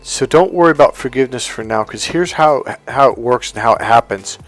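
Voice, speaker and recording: Soft background music sits under a life coach's animated, brisk, mid-range voice. The man's emphatic motivational talk is blunt and forceful, laced with swearing and raised-voice impressions of what others say.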